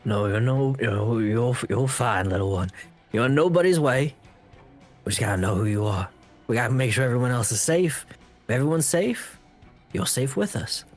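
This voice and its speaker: A man's voice: mid-range voice, lively intonation, normal speed, faint music behind. A man playing a character in a tabletop game, talking in an easygoing way with fillers. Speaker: player.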